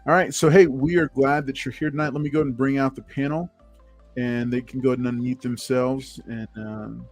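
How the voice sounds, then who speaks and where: A man's voice: medium pitch, steady tone, a little fast, no room sound, soft background music. A man hosting a casual livestream talk show, upbeat and chatty, greeting viewers from the chat. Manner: upbeat, reads chat names aloud, many fillers.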